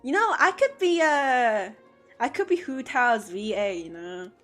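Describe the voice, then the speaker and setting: A woman's voice: fairly high pitch, animated, measured pace, fairly bright tone, faint music behind. Playful woman art streamer chatting. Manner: playful, joking, laughs often. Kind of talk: casual chat on a live stream.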